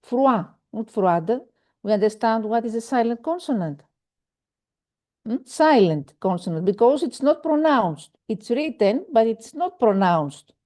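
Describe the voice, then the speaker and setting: Slow, mellow woman teaching French online. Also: fairly high pitch. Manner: slow, hesitant, many fillers, repeats examples. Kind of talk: online language lesson. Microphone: video call.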